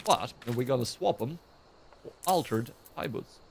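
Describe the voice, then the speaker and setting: A man's voice: mid-range voice, animated, measured pace, creaky, slight background noise. A man giving casual, chatty commentary on his own gameplay, self-deprecating and prone to restarts. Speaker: streamer.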